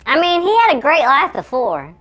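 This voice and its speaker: A frantic little shrunken host squeaks in a chipmunk voice. The voice sits extremely high and leaps all over the place. Its tone is bright and piercing. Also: female voice, wildly swooping pitch, normal speed, exaggerated voice. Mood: curious. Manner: frantic and exclamatory.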